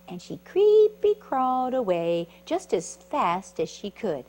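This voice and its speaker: Animated woman reading a children's story. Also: fairly high pitch, slow, hardly any pauses, rough recording. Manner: animated, asks the listeners questions. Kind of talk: children's storytime read-aloud.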